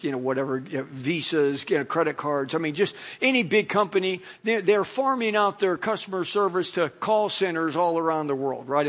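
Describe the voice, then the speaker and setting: A man's voice: sits high, a bit bright. A middle-aged man, a pastor, preaching a sermon in a conversational way, full of "you know" fillers. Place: church in Los Angeles.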